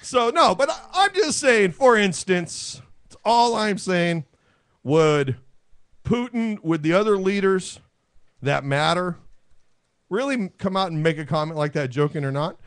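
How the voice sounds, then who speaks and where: Brash male talk host, higher voice, very animated delivery. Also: unhurried. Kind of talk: casual political banter.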